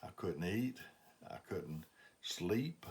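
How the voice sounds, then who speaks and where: A man's voice: low-pitched, very animated, takes it slowly. An older man with an Alabama accent, preaching a sermon as a plain, folksy testimony with frequent fillers. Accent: Southern US, Alabama.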